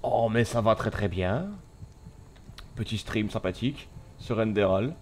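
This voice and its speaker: A French-accented man with a slightly low voice streams a game, chatting casually and greeting his viewers. His talk is relaxed and friendly, sometimes slipping into French. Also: moderate pace, slight background noise. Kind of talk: casual live-stream chat.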